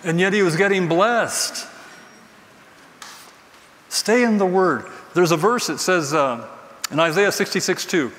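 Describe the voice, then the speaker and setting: Preaching earnestly in a church sanctuary, this man has a higher-than-average, fairly bright voice and keeps repeating his main phrases for emphasis. The sound is distant and echoey, as if picked up from across a large hall, with a faint layer of noise.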